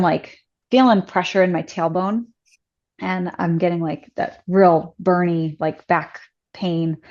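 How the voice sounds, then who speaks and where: A woman guest on a podcast, telling a personal story in a chatty, casual way, full of "like" fillers and lively acted-out quotes. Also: on the low side, muffled recording.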